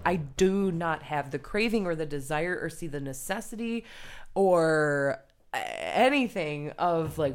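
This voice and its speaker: A young woman co-hosting a podcast, outspoken and jokey in casual chat, often laughing. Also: on the low side. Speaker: podcast co-host.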